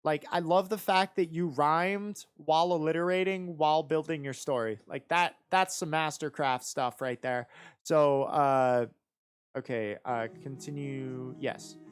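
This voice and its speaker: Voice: medium pitch, steady tone, measured pace, clean tone. A judge talking through written rap verses live, enthusiastic and rambling, with lots of fillers and restarts. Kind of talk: live commentary and critique.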